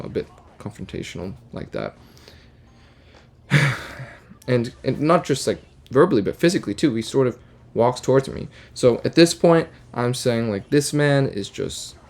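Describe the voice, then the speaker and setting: A young man casually telling a rambling, deadpan, absurd story full of fillers and restarts. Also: medium pitch. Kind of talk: casual storytime while gaming.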